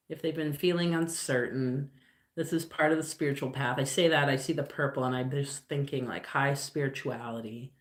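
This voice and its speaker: A woman with a deep voice does a casual live card reading as a tarot reader on a livestream, musing aloud in loose, rambling phrasing full of fillers. The room sounds echoey.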